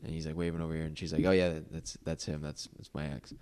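A man's voice: rumbling low, little pitch movement, fast talker, a little mellow, smooth. A young man, a podcast guest, telling a long casual story full of "like" and "you know.". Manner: rambling, filler-heavy storytelling with lots of "like".

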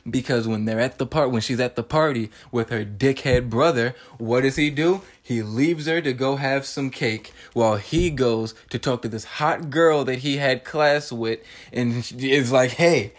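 A podcast host in his twenties, with a mid-range voice, retells a movie scene in an animated, casual way. He acts out the characters' lines in quick bursts.

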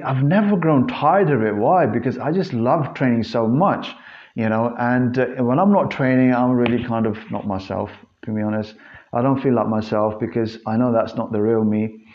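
A man's voice: mid-range voice, normal speed, dull audio. A man hosting a solo fitness podcast, talking casually and earnestly to his listeners with a rambling delivery full of restarts and fillers. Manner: earnest, addresses listeners as guys. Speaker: fitness trainer and podcast host.

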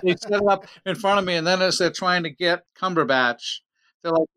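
Actor guy rambling and joking, clear smooth voice, a bit high. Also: a little fast, bright, forceful tone. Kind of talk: casual chat.

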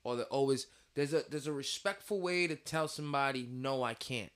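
A man's voice: mid-range voice, fairly quick, a bit bright. A man hosting a casual podcast chat, telling work stories in a laid-back way and laughing easily.

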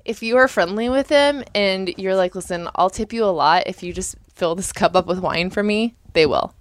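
A woman's voice: medium pitch, moderate pace. A woman hosting a casual podcast chat, quippy and sharing tips with casual swearing. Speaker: podcast host.

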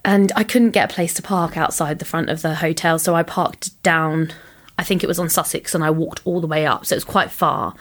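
A woman telling a personal story in casual chat, animated and full of "like"s, acting out what people said. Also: low voice, brisk. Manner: animated, chatty, full of "like"s, acts out quotes.

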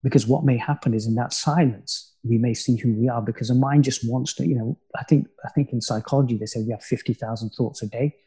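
Brief: male spiritual teacher, husky and soft-toned, musing podcast guest. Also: mid-range voice, fairly even intonation, fairly quick, few pauses. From United Kingdom. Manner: reflective, musing, often quiet. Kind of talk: casual spiritual conversation.

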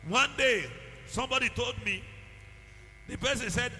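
A man, a pastor, preaching a sermon that swings into shouted prayer and speaking in tongues. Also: very high voice, normal speed, long pauses, a little hiss or hum. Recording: music under a long hall reverb.

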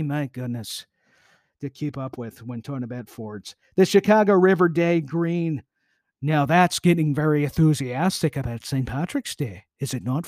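A man's voice: high voice, a little mellow, no echo, studio quality. A man hosting a podcast, reading history aloud and breaking off for playful jokey asides. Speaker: podcast host.

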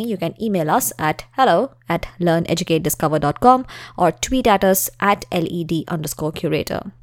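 A woman's voice: on the low side, dry recording, studio quality. A woman hosting a podcast, chatting with a guest and then reading her upbeat sign-off. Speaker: podcast host. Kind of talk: casual interview and podcast outro.

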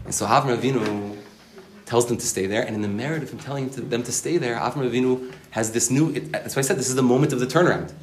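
A man giving a Torah lecture, animated and acting out voices as he explains, with an occasional cough. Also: medium pitch, racing. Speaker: Torah teacher.

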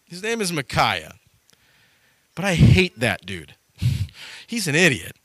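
A man voicing an angry, petulant ancient king who whines and shouts his complaints. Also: on the high side, huge pitch swings, slow pace, dry recording, heavily acted. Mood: scornful. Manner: whiny, scornful, shouting complaints.

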